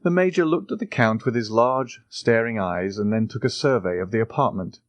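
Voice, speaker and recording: A man narrating an audiobook in an even, steady storytelling manner. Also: fairly low pitch, moderate pace, no echo. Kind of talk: scripted narration.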